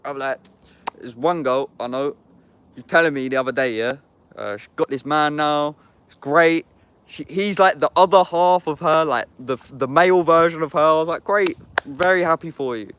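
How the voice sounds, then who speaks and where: A young YouTuber from Epsom, England, chats casually with livestream viewers, slangy and sweary and constantly saying "bruv." His voice is on the high side and a bit bright at normal speed, with a little hiss or hum.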